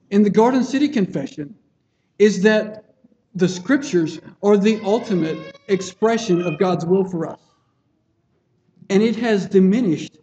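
A man's voice: high-pitched, a little mellow, a little hiss or hum. A man preaching a sermon in an earnest, plain-spoken way, often restarting phrases and checking in with his listeners. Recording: dull lo-fi sermon recording.

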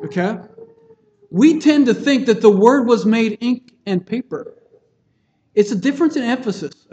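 Male preacher, higher-pitched voice, earnest and plain-spoken, dull lo-fi recording. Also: dark tone. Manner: earnest, plain-spoken, with frequent restarts and checking-in questions. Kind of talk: sermon.

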